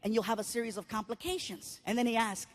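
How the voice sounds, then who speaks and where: A woman telling a stand-up comedy story, animated and acting out voices and sounds. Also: a little high, fast talker.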